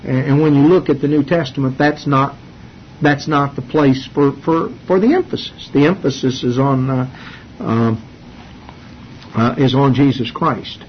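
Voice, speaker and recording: A man teaching a sermon from the Bible, earnest and halting, with many fillers and restarts. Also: mid-range voice. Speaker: preacher. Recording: dull lo-fi sermon recording with faint hiss.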